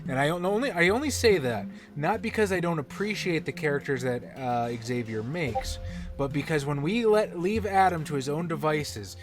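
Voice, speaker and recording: A man chatting during an online tabletop game session, animated and joking, swearing freely and tired from no sleep. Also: on the high side, normal speed, over music. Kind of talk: casual game chat with friends.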